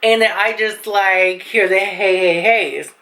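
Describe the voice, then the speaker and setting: A young woman recounting a story to her viewers, talking in a lively, slang-heavy, profane storytime style. Her voice sits at an ordinary middle pitch and her delivery is chatty and unfiltered. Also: slow pace, rough recording. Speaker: vlogger. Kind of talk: storytime vlog.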